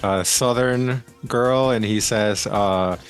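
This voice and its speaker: A man's voice: fairly low pitch, takes it slowly, soft background music. A man chatting casually as a podcast guest, blunt and jokey, swearing freely. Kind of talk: casual chat.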